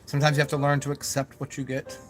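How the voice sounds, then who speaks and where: A man's voice: on the high side, monotone, fast, soft background music. A young man talking in a casual, rambling monologue to his camera, musing aloud with many restarts and asides. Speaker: vlogger.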